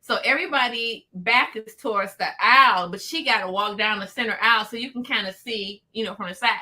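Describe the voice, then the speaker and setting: A woman, hosting a casual chat and telling stories in a lively, slangy way. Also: mid-range voice, brisk. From Detroit. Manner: animated storyteller, slangy and laughing. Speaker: host.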